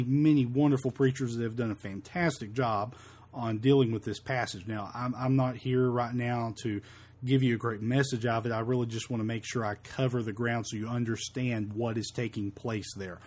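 Man, Bible teacher, husky voice, halting delivery, repeats words, reads scripture aloud. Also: mid-range voice, fairly even intonation, a little mellow. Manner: quotes scripture in old-fashioned wording. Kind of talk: verse-by-verse Bible study.

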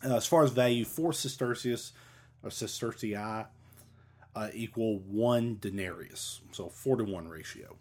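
A man's voice: fairly low pitch, unhurried. A man giving a casual, rambling lesson on ancient coins, with many fillers and restarts. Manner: rambling, many fillers, self-deprecating about Latin pronunciation. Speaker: coin collector explaining ancient money.

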